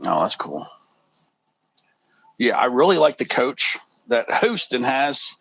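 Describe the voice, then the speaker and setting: A man's voice: mid-range voice, big pitch swings, slow, gravelly, a bit bright, a little hiss or hum, low-quality recording. A man co-commenting a football game in casual chat, telling stories in a rambling, laid-back way.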